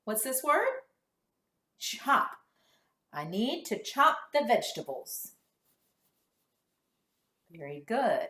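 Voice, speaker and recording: A woman teaching a kindergarten phonics lesson, sounding out letters slowly and cheering the children on. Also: on the high side, roomy sound. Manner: slow, exaggerated sound-by-sound modeling with lively praise.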